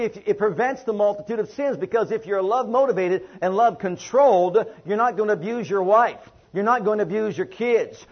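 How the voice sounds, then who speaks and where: Man preaching, husky higher voice, call-and-response, drawn-out emphasis, muffled lo-fi recording. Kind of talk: sermon.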